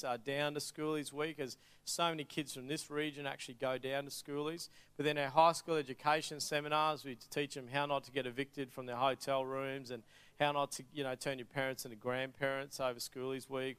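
An Australian man giving an energetic, joking talk to an audience, full of anecdotes. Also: on the high side, smooth. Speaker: charity speaker.

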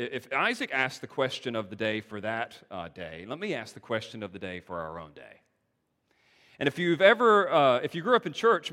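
Man, pastor, sermon, bright and lively delivery, long hall echo. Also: on the low side. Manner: swings from hushed to loud and urgent.

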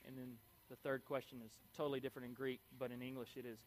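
A man preaching a sermon in an energetic, emphatic, playful way, often repeating key words. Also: mid-range voice, fast, slight background noise.

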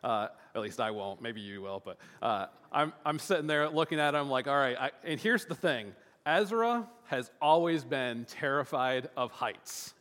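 A man's voice: mid-range voice, lively intonation, moderate pace, a bit bright. A man in his thirties telling a family anecdote in a loose, rambling way, with lots of fillers and restarts. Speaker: father telling a family story. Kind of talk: casual personal storytelling. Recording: long reverb, hall-like.

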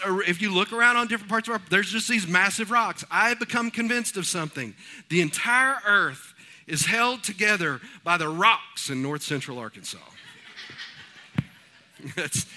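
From the pulpit, an East Texas pastor delivers a sermon full of homespun stories told in a folksy, animated way. His voice is high and very bright, with a ringing edge.

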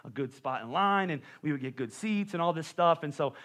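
A middle-aged male pastor preaching a sermon, telling stories with lively asides to the congregation. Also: on the high side, brisk. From Pennsylvania. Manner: animated storytelling with asides to the congregation.

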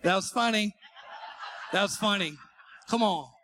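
A man's voice: sits high, measured pace, pushed and bright. A man preaching a live sermon in a church, joking at his own expense and calling on the congregation to answer back. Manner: joking, calls for responses from the congregation; self-deprecating humor. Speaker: pastor. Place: church sanctuary before a congregation.

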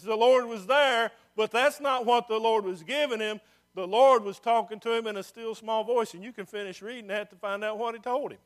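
A man preaching a sermon as pastor, folksy and plain-spoken, dropping to a hush and rising to loud emphasis. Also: high-pitched, normal speed. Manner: swings from hushed to loud and emphatic.

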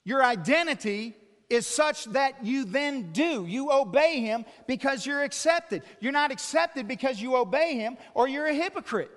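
A man's voice: very high-pitched, animated, moderate pace, fairly bright tone, long reverb tail. A man preaching a sermon, earnestly explaining with illustrations and putting direct questions to his listeners.

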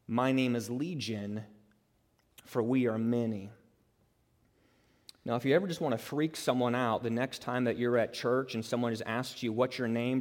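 A man preaching a sermon as pastor, emphatic and conversational, acting out quotes and building to loud peaks. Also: mid-range voice. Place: church sanctuary. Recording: reverberant hall.

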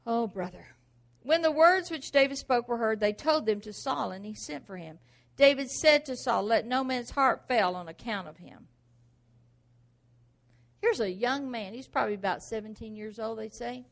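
A woman's voice: a little high, animated, moderate pace, gravelly. A woman preaching a sermon emphatically, firing off rhetorical questions.

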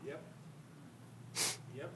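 A man's voice: very slow, distant mic. A man in the congregation giving short affirming responses during a sermon. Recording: faint voice from across a crowded hall.

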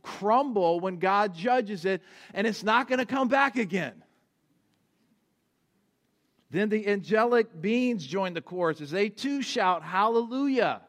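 A man preaching a sermon as pastor, explaining earnestly with small restarts. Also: high voice. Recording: long hall reverb.

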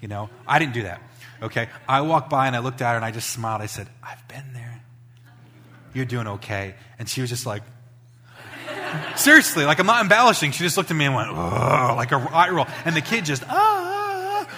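A male pastor giving a sermon in a conversational, animated storytelling manner, acting out voices as he tells stories. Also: medium pitch, fast, slight background noise. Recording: long hall reverb.

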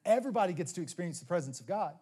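A pastor preaches a sermon in a husky voice, animated and swinging between loud, emphatic lines and low, slow ones. He sometimes stammers and restarts.

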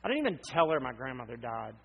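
A man's voice: medium pitch, sing-song, fast, creaky, a bit bright, poor audio. A man in his thirties, from North Carolina, preaching an earnest sermon with emphatic questions. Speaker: pastor.

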